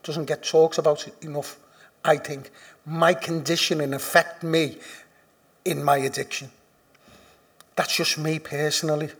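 A man with a Liverpool accent shares his recovery story bluntly and profanely. His voice is gravelly and sits a little high for a man. He swings between hushed confession and loud, laughing emphasis. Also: little pitch movement, unhurried, pauses often. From Liverpool, England. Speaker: speaker sharing at a recovery meeting. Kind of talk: personal recovery testimony.

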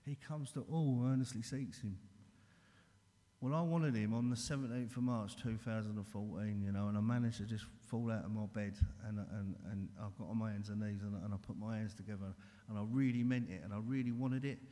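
A man's voice: fairly low pitch, a little fast, few pauses, dark tone. A man giving an earnest, blunt recovery share, talking straight and calling everyone mate, in a large hall. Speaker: recovery speaker. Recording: long hall reverb.

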